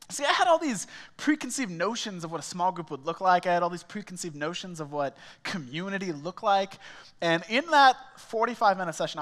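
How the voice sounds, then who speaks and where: A male small groups pastor telling a personal story in a sermon, animated and casual, acting out the dialogue. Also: fairly high pitch, long reverb tail. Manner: animated, acts out quoted dialogue, frequent "like" fillers. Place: church auditorium.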